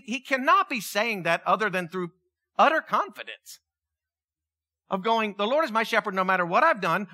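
A man preaching a sermon, animated, asking the congregation questions and acting out quotes. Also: sits high. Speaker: pastor.

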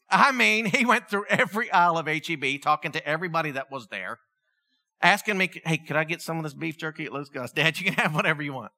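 A middle-aged man, preaching a sermon in a conversational, animated storytelling way. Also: sits high. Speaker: pastor.

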